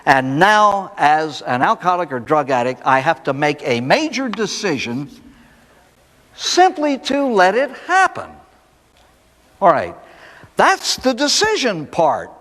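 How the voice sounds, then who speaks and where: A man giving a recovery talk with a folksy storyteller's touch, his slightly high voice rising and falling a great deal. He swings from loud emphasis down to near-whispered asides and keeps asking the listeners questions. The sound carries a long hall reverb. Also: huge pitch swings, slow pace.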